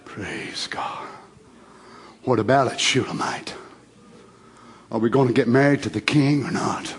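A man preaching a fervent sermon, repeating phrases and rising to shouts. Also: on the high side.

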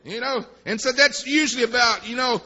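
A man preaching a sermon, dropping "amen" between phrases and swinging from quiet talk to shouting. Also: very high-pitched, fairly quick, muffled recording.

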